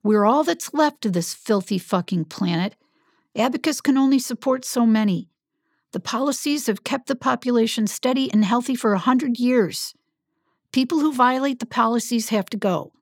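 A woman narrating a careful, level-headed man in an audiobook, calm and guarded as he warns a friend. Her delivery has a gravelly texture in a dry, close recording. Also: on the high side, no room sound, pitched above the performer's own voice. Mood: steadying. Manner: calm, warning, measured. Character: cautious adult man, steady friend.

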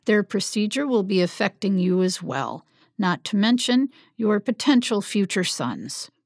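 A woman voicing a brisk, cheerful male doctor with a heavy Scottish accent, upbeat and teasing. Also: mid-range voice, very animated, dry recording, clean studio sound. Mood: jovial.

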